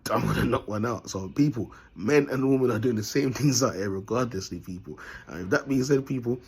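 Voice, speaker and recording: A husky-voiced man speaks straight to camera in a loose, rambling monologue. He talks bluntly, piles on street slang and breaks into laughter often. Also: medium pitch, fairly quick, darkish tone. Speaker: vlogger.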